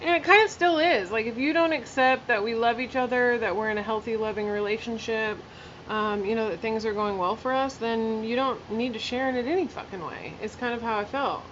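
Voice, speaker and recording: A woman chats through a storytime vlog as she does her makeup, candid and blunt, leaning on fillers and the odd curse. Her voice sits a little high, and the recording is a bit dull and lo-fi with faint room ambience behind her. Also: brisk, a bit bright, slight background noise. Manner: chatty, filler-heavy, candid and blunt with swearing. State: emotional, near tears. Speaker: vlogger. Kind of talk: casual storytime while doing makeup.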